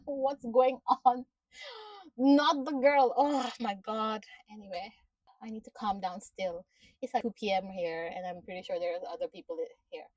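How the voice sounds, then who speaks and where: A woman's voice: high voice, no echo, far from the mic, rough recording. A woman giving a casual recap of a TV episode, ranting in exasperation with frequent swearing and laughter. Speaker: show reviewer.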